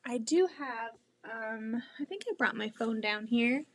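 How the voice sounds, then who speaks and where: A woman hosts a casual quilting live stream from her home sewing room. She talks slowly in a fairly high voice and chats with viewers, often using "like" as a filler. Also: noisy background. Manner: chatty, with frequent "like" fillers.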